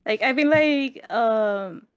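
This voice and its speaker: Squeaky-voiced woman podcast co-host. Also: takes it slowly, clear, resonant tone, lo-fi sound. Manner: hesitant, lots of likes and ums. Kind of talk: casual chat.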